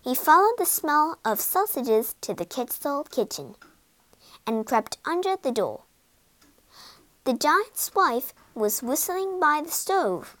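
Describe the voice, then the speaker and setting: A woman reads a children's fairy tale aloud, slow and expressive. Her voice is high and bright, and her pitch moves a lot. The recording is close and dry. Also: no room sound. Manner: slow, expressive storybook narration. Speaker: storyteller. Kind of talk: children's story reading.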